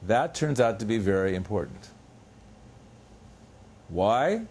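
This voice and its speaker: A man giving an academic lecture in a university seminar room, explaining step by step with pauses and small restarts, slowing down to spell out example words. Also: on the low side, animated, darkish tone, a little hiss or hum. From United States. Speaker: guest lecturer.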